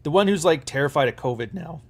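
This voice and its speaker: A man's voice: on the high side, expressive. Profane, rambling live-stream host man. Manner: profane, sarcastic, rambling, quick to laugh.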